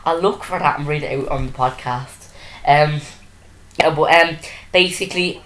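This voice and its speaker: Woman, podcast host, deep-ish voice, rambly casual chat, roomy room sound. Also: moderate pace, fairly bright tone, slight background noise. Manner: rambling, self-interrupting storytelling with many fillers. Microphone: desk microphone.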